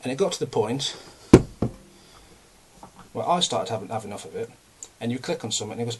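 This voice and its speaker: A man's voice: mid-range voice, animated, quick pace, long pauses, heavy background noise. A young man, talking in a casual, rambling and self-mocking way, a bit out of breath. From England. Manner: ranting, self-mocking, chatty. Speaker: vlogger.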